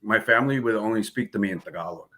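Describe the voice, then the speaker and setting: Low-voiced Jersey-accented man telling stories. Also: fast, sharp tone. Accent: New Jersey. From Philippines. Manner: laid-back, laughing, acts out quoted dialogue. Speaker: guest martial arts instructor. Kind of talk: casual storytelling interview.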